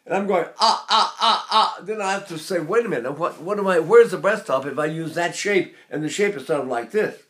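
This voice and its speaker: A man's voice: on the high side, lively intonation, brisk, few pauses. An older man teaching singing, talking in a rambling, anecdotal way and breaking off to demonstrate sounds. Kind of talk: spoken singing lesson.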